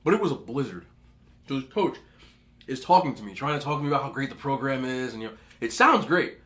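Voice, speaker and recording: A man's voice: mid-range voice, very animated, quick pace, fairly bright tone. A young man hosting an eating show, telling a rambling story casually with lots of asides and laughter. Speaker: mukbang host.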